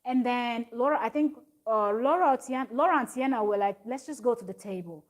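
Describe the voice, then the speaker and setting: A woman's voice: fairly high pitch, moderate pace. A woman recapping a reality show in a rambling, chatty way, with lots of fillers and restarts. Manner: rambling, many fillers and restarts, reads viewer comments. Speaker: recap vlogger.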